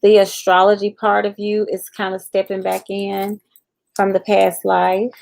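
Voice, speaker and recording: A woman's voice: medium pitch, completely flat delivery, measured pace, vocal fry, darkish tone, rough recording. A woman hosting a live tarot reading, chatting casually and speaking straight to viewers by name.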